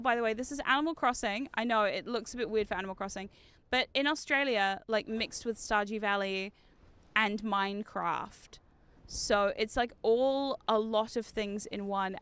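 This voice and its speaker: Bright-voiced, rambling British-Kiwi woman. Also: on the high side, normal speed, clean tone. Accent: British mixed with New Zealand. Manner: rambling, tangent-prone, swears freely, laughs often. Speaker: streamer. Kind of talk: casual gaming stream chat.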